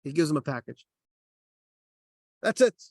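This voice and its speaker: High-voiced rabbi telling a lively story. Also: male voice, a little slow, no echo. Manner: animated storyteller acting out dialogue. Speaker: rabbi teaching a class. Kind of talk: storytelling Torah class.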